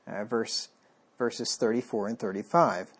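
A man's voice: fairly low pitch, steady tone, a little slow, a bit bright, breathy edge. A man preaching a conversational sermon, reading scripture aloud and wryly acting out the lines of the people in it. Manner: conversational, wry, acts out the king's lines.

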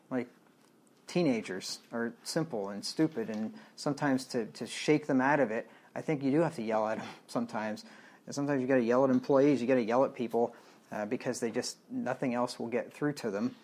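His voice sits in the mid-range, brisk and slightly mellow. Working through a Bible book one verse at a time, he reads the archaic text and then puts it into everyday speech, in a blunt, plain-spoken manner, as a verse-by-verse sermon.

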